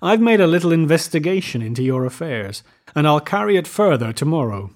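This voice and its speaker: A man voicing an arrogant wealthy husband who speaks loudly and with contempt. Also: fairly high pitch, very animated, a little fast, voice pushed up. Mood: accusing. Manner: loud, forceful, contemptuous.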